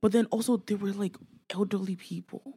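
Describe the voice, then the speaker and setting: Woman, 20s, from Canada, podcast co-host; a lively, profane storyteller who acts out her family. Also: mid-range voice, brisk, breathy edge. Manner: animated storytelling, swearing freely, acting out quoted family members. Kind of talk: casual chat.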